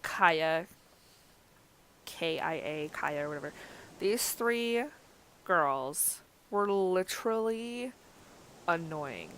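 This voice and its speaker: Young woman rambling thru a story on her vlog, lots of likes and ums, kinda low voice. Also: fairly bright tone, slight background noise. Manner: chatty, many fillers and laughs. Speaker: vlogger.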